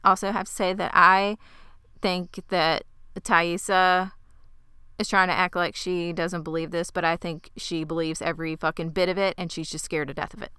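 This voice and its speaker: A woman casually recapping a TV episode with quick asides and some swearing. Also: lowish voice, flat delivery, sharp tone, clear, resonant tone, no room sound, studio quality.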